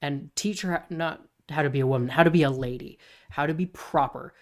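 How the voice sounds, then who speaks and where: A podcast co-host talking casually, rambling and restarting while pitching story ideas. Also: fairly quick. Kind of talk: casual brainstorming chat.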